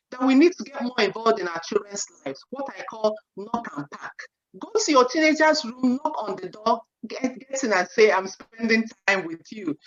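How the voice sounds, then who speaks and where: A woman in her forties giving an animated parenting talk at a seminar, often saying "you know" and acting out what parents and children say. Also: high-pitched. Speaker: seminar speaker. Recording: dull lo-fi sound.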